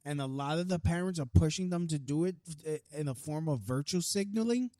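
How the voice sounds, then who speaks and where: This podcast host is a young man whose voice sits fairly high with a warm tone. His monologue is an angry, swear-filled rant delivered quickly with frequent restarts, recorded in a studio with no echo.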